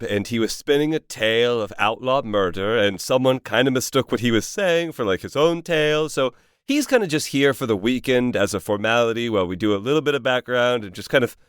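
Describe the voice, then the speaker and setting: A man's voice: mid-range voice, clear, resonant tone, no echo, clean studio sound. A man narrating as game master for a tabletop game, talking loosely and chattily.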